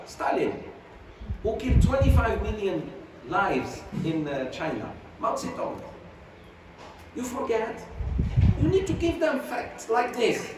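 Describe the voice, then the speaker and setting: A man teaching a religious class, lecturing emphatically with volleys of rhetorical questions and Arabic religious phrases. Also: high-pitched. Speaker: sheikh teaching Quran commentary. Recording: very echoey, distant mic, noisy.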